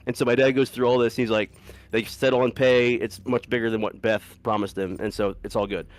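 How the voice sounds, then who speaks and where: A man's voice: mid-range voice, little pitch movement, fairly quick. A man casually telling a long story to friends, rambling, swearing freely and often breaking into laughter.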